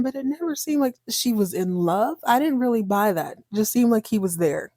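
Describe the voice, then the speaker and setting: A woman's voice: medium pitch, darkish tone, no room sound, studio quality. A woman hosting a podcast, recapping a TV soap in a chatty, sarcastic, joking way. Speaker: podcast host. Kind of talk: casual TV recap.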